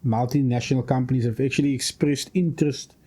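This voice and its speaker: A man speaks in a deliberate, official cadence, laying out plans in long statements. His voice is dark and mellow, sitting at an ordinary middle pitch for a man. It sounds like a studio microphone on a radio interview show. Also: fairly even intonation. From South Africa. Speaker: provincial minister.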